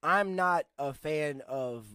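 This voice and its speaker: A man talking casually on a podcast, full of filler words and quick asides. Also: a little high, smooth, no echo, clean studio sound. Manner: animated, lots of filler likes, acts out scenes loudly.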